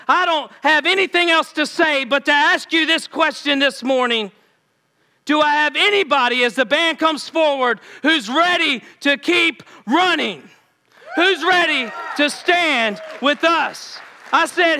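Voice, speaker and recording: A male pastor preaching a fiery sermon, shouting short repeated calls to keep going. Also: very high voice, measured pace. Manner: fiery, shouted exhortation with punchy repetition.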